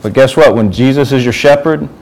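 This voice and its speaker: A man's voice: mid-range voice, brisk, a little mellow, rough recording. A man giving an informal sermon to a youth group, talking conversationally and asking the group questions.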